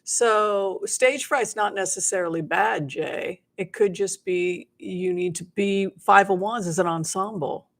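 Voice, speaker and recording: A woman's voice: mid-range voice, measured pace, hardly any pauses. A woman giving live tarot readings to her viewers, chatty and bubbly, with playful asides. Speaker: tarot reader.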